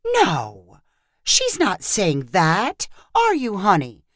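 A woman voicing an easygoing elderly grandfather who speaks in a soft, placating way. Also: medium pitch, huge pitch swings, drawn-out words, no room sound, clean studio sound, heavily acted.

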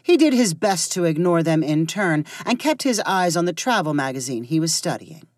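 Expressive woman reading a story aloud. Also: on the low side, moderate pace, no room sound, clean studio sound. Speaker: narrator. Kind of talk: storybook narration.

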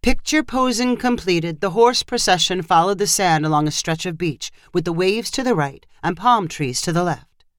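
A narrator reading a short story in a steady, measured voice. The pitch sits in a middle register. The recording is dry and close, with no room sound. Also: no echo.

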